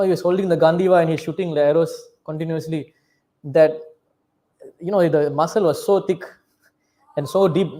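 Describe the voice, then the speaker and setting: A man preaching a sermon in a fairly high voice, retelling a scripture story and voicing each character's words in turn. He restarts phrases often and breaks into chanted Sanskrit verses. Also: mellow. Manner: storytelling, with frequent restarts and quoted dialogue.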